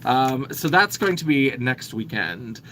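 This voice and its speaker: Brief: chatty, self-deprecating male livestream host, bright voice, faint rumble behind. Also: lively intonation, unhurried. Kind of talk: casual livestream chat.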